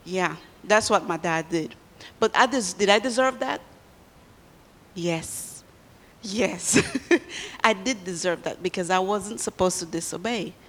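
A woman's voice: on the low side, unhurried, a bit bright, big-room sound. A woman giving a children's sermon in church, telling a story and quizzing the kids as she goes.

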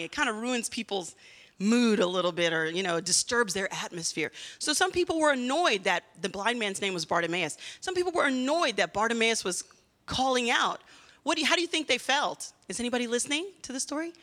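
Woman children's-church teacher, lively and questioning, with a bright, fairly high voice. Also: fairly quick, long reverb tail. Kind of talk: children's sermon.

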